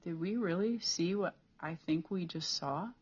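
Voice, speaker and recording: A woman's voice: on the low side, measured pace, a little mellow, slightly rough. Scared teary teen boy in a read-aloud story, woman voicing him, sulky, muffled lo-fi sound. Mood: wary. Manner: tearful, sulky. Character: frightened, sobbing teenage boy.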